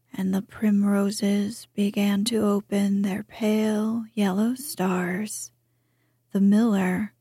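A woman reads a storybook aloud in whispered role-play, her breathy voice dropping into a hush. She takes her time, her tone mellow and dark, every word low and gentle. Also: no room sound, studio quality. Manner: soft storybook reading, often whispered.

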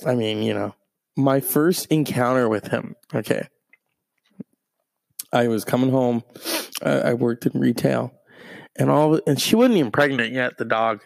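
Gravelly man rambling through comic stories. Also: mid-range voice, measured pace, pauses often, no echo. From half Mexican. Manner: meandering, self-interrupting, wry asides.

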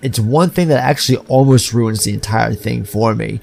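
A man's voice: mid-range voice, normal speed, gravelly. A man co-hosting a podcast, talking casually and profanely about a horror film. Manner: animated, profane, acts out scenes. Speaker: podcast co-host. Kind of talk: casual film review chat.

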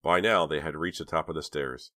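A man narrating a young-adult thriller audiobook in measured, even storytelling. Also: extremely low pitch, dry recording, clean studio sound. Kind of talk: scripted narration.

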